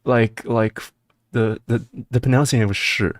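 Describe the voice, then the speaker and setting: A man chats casually to his stream in a deep, low-pitched voice, rambling with frequent restarts and sudden excitable turns. The sound is close and dry, with no room around it. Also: unhurried, dry recording, faint music behind. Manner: excitable, rambling, breaks into laughter and high-pitched disbelief. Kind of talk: casual live-stream chat.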